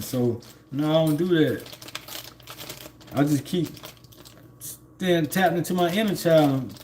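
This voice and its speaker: A man's voice: a little high, slow pace, pauses often, darkish tone, a little hiss or hum. A man, livestreaming from home, rambling in a laid-back way with lots of fillers and laughs. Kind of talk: casual spiritual monologue.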